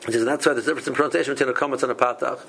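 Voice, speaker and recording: Halting man teaching a Torah class. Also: mid-range voice, fairly even intonation, vocal fry, fairly bright tone, a little hiss or hum, rough recording. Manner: halting, many restarts and repeated words. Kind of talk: halachic lesson.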